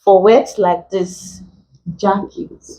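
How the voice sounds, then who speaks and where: A woman English tutor teaching vowel sounds for exam preparation, saying example words slowly and often repeating them. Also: medium pitch, fairly even intonation, warm tone, poor audio. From Nigeria. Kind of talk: exam prep lesson.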